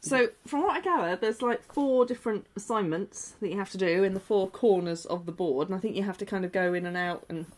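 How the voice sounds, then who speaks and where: A woman, hosting a vlog and chatting casually, telling stories in a chatty, animated way. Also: mid-range voice, fairly quick, hardly any pauses. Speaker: vlog host. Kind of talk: casual chat.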